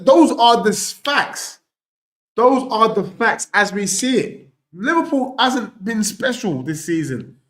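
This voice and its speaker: A young man hosting a live football watchalong, bantering excitedly and reading out viewer messages. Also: high voice. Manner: excitable, animated banter, reads out super chats.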